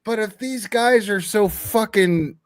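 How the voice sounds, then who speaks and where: A man's voice: high-pitched, takes it slowly. A man hosting a casual podcast interview, cutting in to recap the story and press his guest with questions. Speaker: podcast host.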